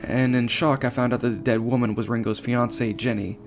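A man reading a horror story aloud, steady, with small slips and restarts. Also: medium pitch, fairly quick. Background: faint guitar music.

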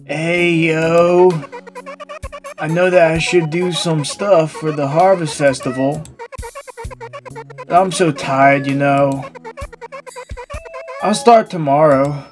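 A woman voicing a lazy, sleepy stoner man in a game, talking in a slow, drowsy drawl. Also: low voice, soft background music.

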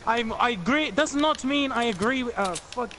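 A young man gaming with friends, teasing and swearing loudly in casual party chat. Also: very high voice, expressive, moderate pace, noisy background. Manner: loud, swearing, teasing banter. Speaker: gamer streaming with friends. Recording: loud game gunfire over voice chat.

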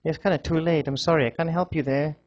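A man's voice: fairly high pitch, fairly even intonation, fast talker, muffled recording, natural voice. A man voicing a small, eager male squirrel looking for a home, with hesitant, stammering pleas. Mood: reproachful.

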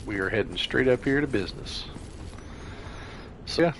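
A man hosting a let's-play, chatting to viewers as he plays and breaking into excited cheers, a bit out of breath. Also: mid-range voice, moderate pace, a little hiss or hum. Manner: chatty, talks to viewers while playing, bursts into excited cheers. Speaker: gaming channel host. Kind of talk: casual let's-play commentary.

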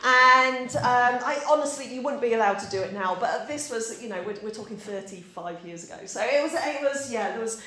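A slightly high, pushed and bright voice comes a little fast with few pauses as a woman in her forties from Yorkshire, England, preaches. The pastor's sermon is anecdotal and conversational, with questions for her congregation, all in an echoey church.

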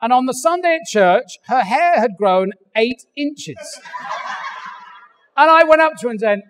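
An older English man preaching a sermon, animated and joking, acting out little voices as he goes. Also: very high-pitched, unhurried, in a large hall. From England. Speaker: pastor. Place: large church hall.

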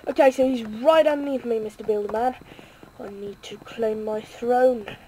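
A woman giving excitable, self-mocking live commentary while playing a game, swearing and cheering in bursts. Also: a little high, normal speed, a little hiss or hum, poor audio. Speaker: gaming video creator.

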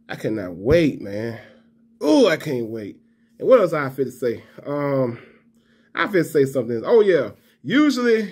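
A man's voice: on the high side, darkish tone. A man giving a fired-up, profane fan rant to camera. He trash-talks and repeats himself. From Alabama fan. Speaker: college football vlogger.

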